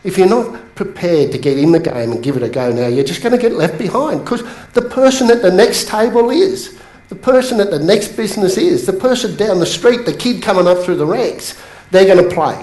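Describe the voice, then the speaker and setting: A man coaching a seated audience in a motivational bootcamp talk, telling stories with sudden rises in pitch for emphasis. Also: brisk. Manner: animated storytelling, pitch jumps up for emphasis. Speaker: business coach. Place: training room with a live audience. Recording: echoey room.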